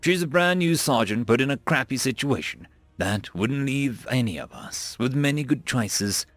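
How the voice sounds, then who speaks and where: A man's voice: mid-range voice, lively intonation, moderate pace, no echo, faint music behind, lightly acted. A man reading a blunt veteran Marine first sergeant who talks in a folksy, plain-spoken way.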